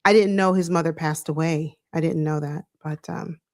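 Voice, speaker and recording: A woman with a slightly low voice hosts a casual live stream. She talks in an easygoing, earnest way and stops often to greet viewers by name. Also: fairly even intonation, moderate pace. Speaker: host of a sports live stream.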